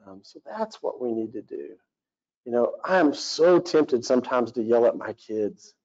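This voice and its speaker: A man's voice: mid-range voice, animated, a little slow, darkish tone. A man in his forties giving a conversational sermon as pastor, earnest and rambling with many fillers. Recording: dull lo-fi recording.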